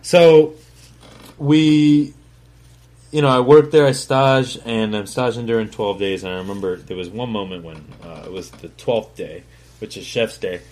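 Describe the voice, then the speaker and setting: A man's voice: moderate pace, a little mellow. Rambling, swearing man telling his story. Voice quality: swears freely, acts out other people's voices in quoted dialogue. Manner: rambling, many fillers, drops to a low mumble on asides. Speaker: podcast host telling his own story. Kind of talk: casual storytelling monologue.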